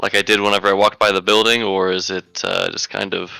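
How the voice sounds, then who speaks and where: A man's voice: deep voice, flat delivery, fast talker, creaky, sharp tone, smooth, dry recording, faint music behind, poor audio. A man playing a tabletop game, joking with incredulous banter. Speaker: player. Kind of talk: role-play banter.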